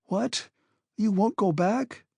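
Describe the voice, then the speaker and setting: A man's voice: high-pitched, takes it slowly, gravelly, a little mellow, breathy edge, no room sound, pitched above the performer's own voice, exaggerated voice. A man voicing a desperate young nephew in an audiobook, pleading in a raised, strained voice. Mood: dismayed.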